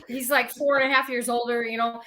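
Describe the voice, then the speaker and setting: Bright-voiced, high mother telling stories. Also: brisk. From Southern California. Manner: animated storyteller, laughs easily. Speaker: guest, the host's mother. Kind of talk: casual chat.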